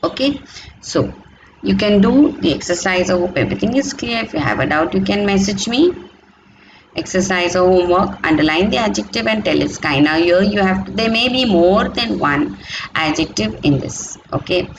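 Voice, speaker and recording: A woman's voice: mid-range voice, animated, normal speed, rough recording. Woman teaching grammar over background noise. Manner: explanatory, repeats key points, frequent "okay?" checks. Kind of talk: online grammar lesson.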